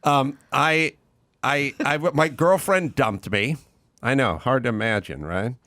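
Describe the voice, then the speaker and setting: A middle-aged man hosting a casual chat, an animated storyteller who loudly imitates other people. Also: mid-range voice, slow, no echo. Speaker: podcast host.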